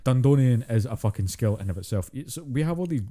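A Scottish man co-hosting a podcast, chatting casually and swearing freely with animated asides. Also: mid-range voice, fast. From Scotland. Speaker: podcast co-host. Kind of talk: casual chat.

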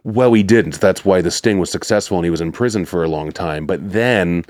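A man's voice: low-pitched, a little fast, darkish tone, no room sound, clean studio sound. A man co-hosting a podcast at home, rambling and sarcastic as he retells stories at length. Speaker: podcast co-host. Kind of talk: casual chat.

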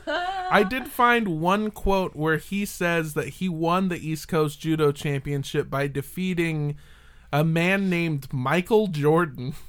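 A podcast host speaking at an ordinary middle pitch, chatting loosely and sarcastically as they pull a story apart. The talk is peppered with swearing and little laughs, a running debunking tone rather than a formal one. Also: expressive, slow pace. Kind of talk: casual chat.

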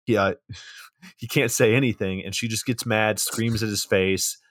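A man's voice: on the low side, steady tone, measured pace, a bit bright, slight background noise. A man co-hosting a podcast, recapping a movie's plot in a wry, casual way with offhand swearing.

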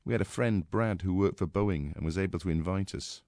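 A man's voice: low-pitched, fairly quick, vocal fry, a little mellow, no room sound, clean studio sound. A man from England, a regular contributor, reading out a clipped, anecdotal personal piece.

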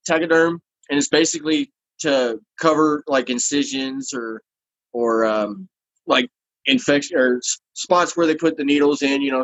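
A man's voice: on the high side, dry recording, dull audio. A man telling a long story in casual chat and acting out the people in it. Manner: animated, acts out the people in his story.

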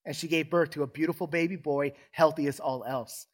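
A man's voice: a little high, fairly even intonation, brisk. Fervent male pastor preaching. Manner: preaches with rhetorical questions and call-and-response. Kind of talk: sermon. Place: church sanctuary.

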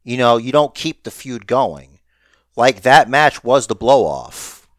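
A man's voice: medium pitch, slow pace, dry recording, clean studio sound. A man co-hosting a podcast, chatting casually and joking about wrestling. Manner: animated, joking, drops into mock voices. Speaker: podcast co-host.

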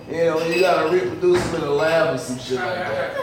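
A man's voice: fairly high pitch, brisk, noisy background. A man doing a profane, rambling stand-up comedy set in front of a live audience, breaking into mock-outraged rants. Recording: very echoey room mic.

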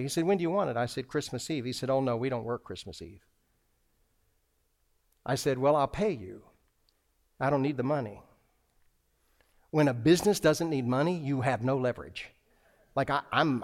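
A pastor with a medium-pitched voice preaches a sermon, telling a personal story full of restarts and acted-out dialogue.

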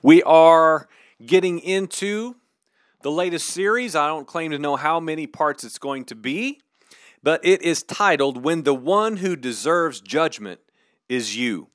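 A man's voice: fairly high pitch, lively intonation, unhurried, no room sound, studio quality. A man hosting a podcast, teaching through a Bible passage in a casual, conversational way with slangy asides. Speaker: podcast host.

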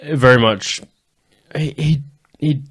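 A man's voice: medium pitch, slow pace, a bit bright, slightly rough, dry recording. A man co-hosting a podcast in casual chat, laid-back and joking while reading out a segment. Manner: laid-back, reads a segment then jokes around. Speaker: podcast co-host.

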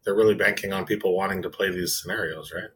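A man with a slightly low, husky voice. He talks in an easygoing, halting way on a casual podcast chat. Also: fairly even intonation, low-quality recording.

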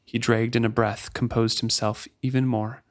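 A man co-hosting a book podcast, reading passages of a novel aloud in a steady, measured way. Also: mid-range voice, creaky. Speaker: podcast co-host.

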